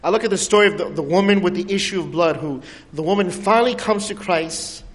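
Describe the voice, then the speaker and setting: A man preaching a sermon, telling stories with lively swings between soaring highs and hushed lows. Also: a little fast. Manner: animated storytelling with dramatic pitch swings and soft drops. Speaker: pastor. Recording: long hall reverb.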